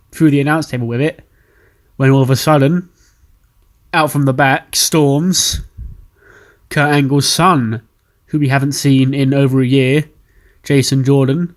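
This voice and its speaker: A man's voice: mid-range voice, level tone, moderate pace, pauses often. A man narrating a game playthrough in a casual, chatty, offhand recap. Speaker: game commentator.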